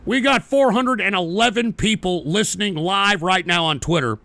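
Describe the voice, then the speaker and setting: A man hosting a live-streamed political talk show, cursing and ranting at chat trolls, jumping between shouts and low grumbles. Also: moderate pace, gravelly, no echo.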